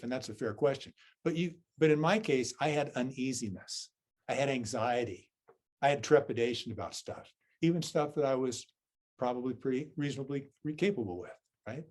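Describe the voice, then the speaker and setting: At a medium pitch and moderate pace, a slightly mellow male voice delivers a dharma talk. The speaker, a Southern-accented Zen teacher, tells a personal story at his own expense and checks in with "right?" and "okay?" along the way.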